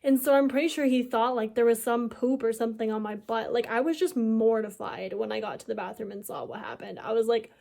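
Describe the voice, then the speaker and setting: Young woman vlogger, twenties, casual storytelling, lots of "like", higher-pitched. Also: fairly even intonation, brisk, gravelly, hardly any pauses, a little mellow. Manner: chatty, self-mocking, heavy "like" filler. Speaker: YouTuber.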